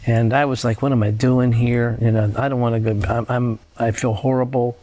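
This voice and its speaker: A man with an average-pitched voice recounts his own testimony in an interview. He talks conversationally and often repeats words as he goes. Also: flat delivery, brisk, dark tone. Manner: conversational storyteller who repeats himself. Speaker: faith healer telling his story as a guest.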